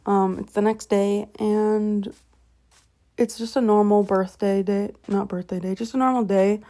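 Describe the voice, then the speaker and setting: A woman's voice: medium pitch, a little mellow. A young woman retelling a book in a casual, rambling way, swearing freely and often correcting herself. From Canada. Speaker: vlogger.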